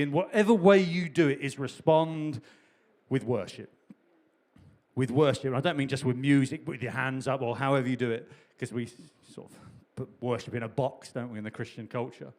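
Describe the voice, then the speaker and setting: A man's voice: medium pitch, darkish tone. A man preaching a sermon in a chatty, humorous way, repeating key phrases for emphasis. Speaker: pastor.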